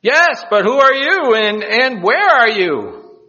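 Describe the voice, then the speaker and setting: A man voicing a desperate man hanging from a cliff, shouting and pleading for help. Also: extremely high pitch, very animated, slow, pitched above the performer's own voice, full character voice. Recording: dull lo-fi recording.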